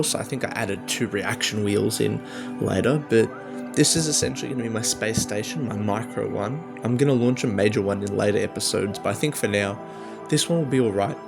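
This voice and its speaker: A man with a lowish, gravelly voice narrates a gaming video in a laid-back, rambling voice-over. Background music plays clearly underneath him. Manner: relaxed, rambling, explains what he did. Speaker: gaming YouTuber.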